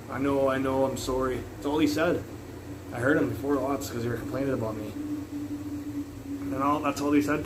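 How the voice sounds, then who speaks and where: A man live-streaming from his kitchen on a phone, rambling loudly and swearing while he cooks and chats. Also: mid-range voice, noisy background. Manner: rambling, loud, swears a lot. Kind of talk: casual live-stream chat while cooking. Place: home kitchen.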